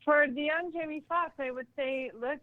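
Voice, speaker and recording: A woman calls in as a guest, answering in a friendly, polite way with a few restarts. Her voice is a little high. It comes through a thin, tinny phone line. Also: normal speed, no room sound. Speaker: guest, creative director. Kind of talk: casual interview answers. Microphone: phone call.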